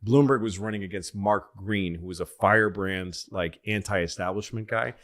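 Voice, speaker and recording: A man's voice: lowish voice, normal speed. A middle-aged man from Massachusetts, chatting casually as a podcast guest and telling stories, acting out the people he quotes. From Massachusetts, USA. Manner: animated storyteller who acts out quoted people in raised voices. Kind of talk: casual storytelling chat.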